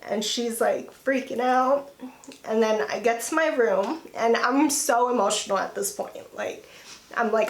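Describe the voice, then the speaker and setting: A young woman vlogger in an emotional story time, talking haltingly with lots of "like" and restarts, clearing her throat and coughing now and then. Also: a little high. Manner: halting, full of "like" and restarts, near tears at times. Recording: echoey room.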